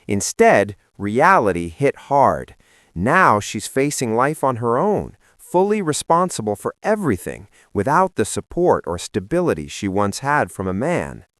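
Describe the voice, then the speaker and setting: A man reading scripted narration in a disapproving tone, with an animated pitch. The recording is dry and close. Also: a little slow, dry recording.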